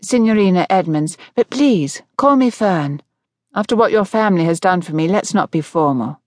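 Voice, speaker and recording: A woman's voice: fairly low pitch, animated, normal speed, no echo, clean studio sound, lightly acted. A woman voicing an anxious, earnest young woman in an audiobook. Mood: flustered. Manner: flustered and earnest.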